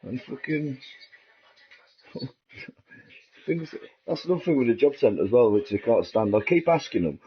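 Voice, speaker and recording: A man's voice: medium pitch, sing-song, moderate pace, pauses often. A middle-aged man with an English accent, rambling in a casual, profane monologue and laughing at his own jokes. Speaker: vlogger. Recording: dull lo-fi recording.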